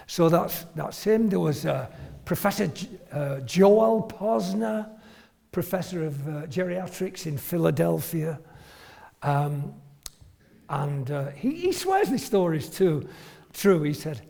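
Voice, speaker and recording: A man's voice: on the high side, slow pace, gravelly. An older man from England, a retired family doctor, telling comic anecdotes after dinner and acting out the people he quotes. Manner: animated, comic storyteller who acts out quoted voices. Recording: long hall reverb.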